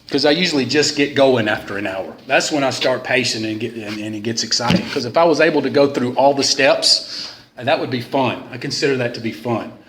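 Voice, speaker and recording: In the meeting room of a club, a man gives a rambling, joking, self-deprecating talk at a recovery meeting, telling stories casually. His voice is medium-pitched and a bit bright, and the recording has a roomy hall sound with faint noise.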